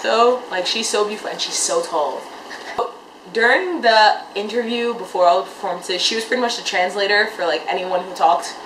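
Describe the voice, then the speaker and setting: A woman's voice: mid-range voice, a bit bright, slight background noise. A woman describing a concert in a casual vlog, gushing and rambling with lots of filler words. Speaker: fan recounting a concert. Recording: echoey room.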